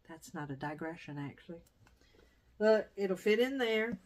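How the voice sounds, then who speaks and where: A woman's voice: lowish voice, expressive, normal speed, a little mellow. A middle-aged woman chatting casually in a home vlog, wandering off topic and coming back. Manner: chatty, digressive. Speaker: vlogger. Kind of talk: casual chat. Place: dining room used as sewing room.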